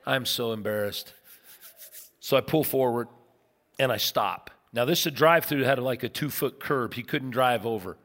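Brief: animated man in his fifties telling stories from the pulpit, bright voice, long hall reverb. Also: medium pitch, moderate pace. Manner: animated storyteller, acts out voices. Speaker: pastor. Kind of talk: sermon with storytelling.

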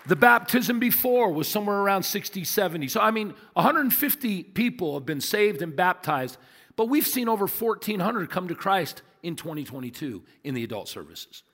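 A man in his fifties preaches a sermon from the pulpit of a large church. His voice sits a little high for a man and carries emphatic, repeated phrases and rhetorical questions. A long reverb hangs after his words. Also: very animated, moderate pace, fairly bright tone. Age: 50s. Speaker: pastor.

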